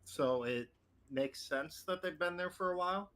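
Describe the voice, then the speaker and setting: A man's voice: on the high side, moderate pace, fairly bright tone. A man narrating as game master in a casual tabletop game, swearing freely.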